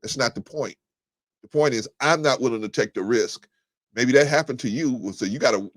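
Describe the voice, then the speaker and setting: A man's voice: medium pitch, fairly quick, no echo. A man hosting a live talk show, reading viewer comments aloud and answering them bluntly, with many restarts and fillers. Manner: blunt and combative, rising sharply when heated. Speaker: livestream show host.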